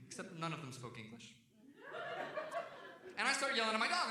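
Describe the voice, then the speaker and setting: A young man from Texas telling a long stand-up story on stage, jumping into loud shouted voices for the people in it. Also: sits high, sing-song, brisk, long pauses, crowd noise. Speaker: stand-up comedian. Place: comedy stage before a live audience. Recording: echoey venue heard from a distance.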